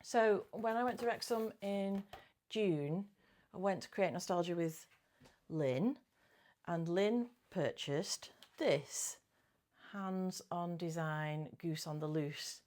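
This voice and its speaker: A middle-aged woman chats casually about her cross-stitch projects, giggling and frequently correcting her own words. Her voice is fairly low with a darkish tone, and she speaks slowly.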